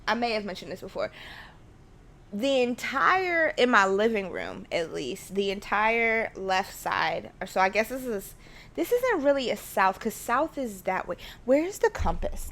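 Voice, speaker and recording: A woman hosting her own podcast from her living room, chatting casually in a rambling, excitable way and often dropping to a whisper. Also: on the high side, a little slow, slight background noise. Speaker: podcast host. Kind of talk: casual solo chat. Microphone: studio mic at home.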